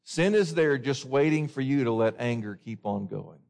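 A man's voice: mid-range voice, expressive, normal speed, vocal fry, darkish tone. A man preaching a sermon in an earnest way, often asking his listeners questions.

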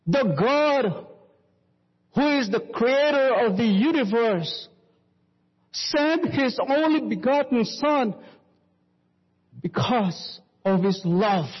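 A man preaching a sermon, slowly telling a story and quoting scripture. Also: very high-pitched, lively intonation, breathy edge. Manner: slow, sweeping preaching with Bible quotes. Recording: dull reverberant hall recording.

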